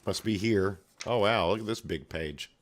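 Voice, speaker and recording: Man, deep voice, casual comic read-along, rambling, homemade sound effects. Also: moderate pace. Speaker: comic reader and commentator.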